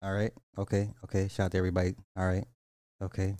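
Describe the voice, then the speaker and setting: A man hosting a casual live show, greeting chat viewers by name in an animated, playful way. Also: low-pitched, fast talker, no room sound, studio quality. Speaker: host.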